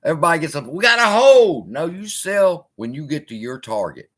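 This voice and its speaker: This stream host's voice sits on the high side and moves fairly quickly. He answers viewers in a casual, animated way, swearing often and heckling the chat with plenty of profanity.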